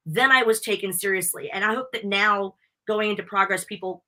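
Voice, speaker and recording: A bubbly young American woman talks fast and freely in a live podcast interview. Her voice is bright and forward, and she tells stories with plenty of lift and animation. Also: mid-range voice. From United States. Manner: bubbly, talkative, animated storytelling. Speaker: wrestling interviewer and guest. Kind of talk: casual live interview chat.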